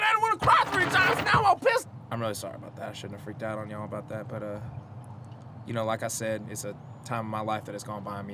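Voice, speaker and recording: An actor playing a washed-up former musician who rambles and gets emotional. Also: male voice, lowish voice, background noise, close to an everyday voice.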